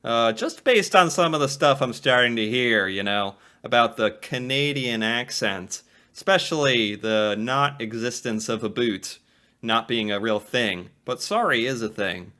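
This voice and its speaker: American dude reacting, thinks out loud, laughs a lot, bright tone. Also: male voice, medium pitch, a little slow. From United States. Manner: musing, thinks aloud with frequent laughs. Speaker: reaction video co-host. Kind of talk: casual reaction chat.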